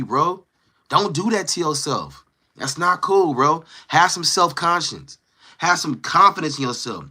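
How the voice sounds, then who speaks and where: A man hosting a casual livestream, talking to his chat in a slangy, animated way and acting out quoted lines. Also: on the high side. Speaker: livestream host. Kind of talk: casual livestream chat, reading viewer comments.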